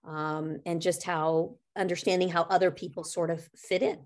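A woman's voice: lowish voice, fairly even intonation, moderate pace. A middle-aged woman co-hosting a podcast, telling a personal story in an earnest, reflective, conversational way. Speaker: podcast co-host.

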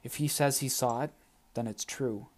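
A man's voice: mid-range voice, steady tone, moderate pace, close to an everyday voice. A man reading an audiobook, voicing a determined, loyal young girl pilot who speaks earnestly. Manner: earnest, pleading.

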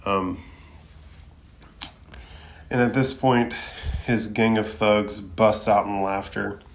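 A man's voice: on the low side, steady tone, slow pace, creaky. Casual man recapping an anime. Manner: casual, slangy, fillers. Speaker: anime reviewer. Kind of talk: casual episode recap and commentary.

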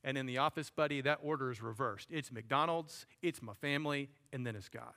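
A man's voice: medium pitch, brisk, sharp tone. A man preaching a sermon, talking to the congregation in a conversational way and calling them buddy and friends. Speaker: pastor.

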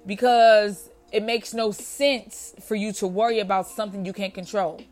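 A woman's voice: mid-range voice, fairly even intonation, normal speed, a little mellow, soft background music. Woman giving a motivational talk. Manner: conversational, addresses listener as friend, repeats phrases. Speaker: motivational podcast host. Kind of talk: motivational storytelling monologue.

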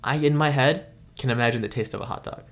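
A man's voice: medium pitch, quick pace, creaky. A young man co-hosting a podcast, chatting casually in a playful, joking way. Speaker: podcast co-host. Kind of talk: casual chat.

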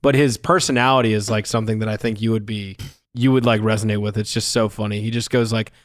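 A man hosting a casual podcast chat, teasing his guests and getting excitable. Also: on the low side, fast, no echo, studio quality.

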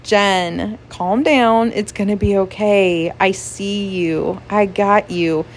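A woman quoting God as a tender, reassuring voice, speaking softly and comfortingly. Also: mid-range voice, fairly even intonation, takes it slowly, a little hiss or hum, natural voice.

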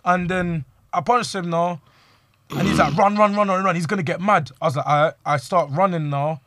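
A man's voice: a little high, normal speed, fairly bright tone, no echo, studio quality. A young man, animatedly telling a street story to friends and acting out the quotes. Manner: slangy, acts out quoted lines.

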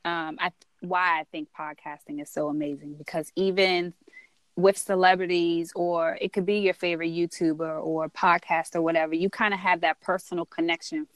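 Low-pitched woman hosting a podcast. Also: level tone, normal speed. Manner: affirming, encouraging. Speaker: podcast host. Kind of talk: conversational interview.

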